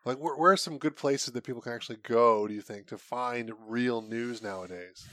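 A man hosting a casual podcast chat, opinionated and brisk, laughing along with his guest. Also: mid-range voice, bright, forceful tone, no room sound, clean studio sound.

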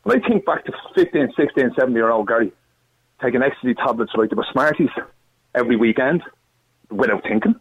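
A man with an Irish accent calling into a radio show, telling his own story in an earnest, rushed way. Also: mid-range voice, lively intonation, slightly rough. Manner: earnest, rushed, tumbling words. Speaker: phone-in caller. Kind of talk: emotional personal testimony. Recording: phone line.

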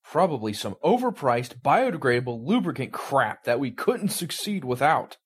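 Male reader as a shouting boss, blustering and husky. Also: a little high, big pitch swings, brisk, pitched above the performer's own voice. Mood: barking. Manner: shouting, snapping. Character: furious, blustering middle-aged male boss.

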